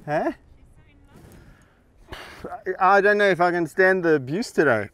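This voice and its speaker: Slow-talking man coaxing animals outdoors. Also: high voice, lively intonation, a bit bright, smooth. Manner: affectionate, laughing, coaxing. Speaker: wildlife sanctuary keeper. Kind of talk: casual talk to animals on camera. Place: outdoors in the bush.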